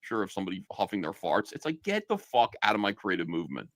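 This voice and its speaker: A man talks fast in a scornful, insulting rant, hitting his points hard. His low voice swings widely in pitch. The sound is dry and close. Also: huge pitch swings, a bit bright, no echo. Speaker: online commentator. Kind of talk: heated commentary clip.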